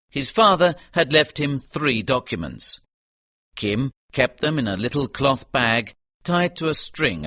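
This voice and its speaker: Lively, bright British male narrator. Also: mid-range voice, dry recording. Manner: clear, even storytelling pace. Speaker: audiobook narrator. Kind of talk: scripted audiobook narration for learners.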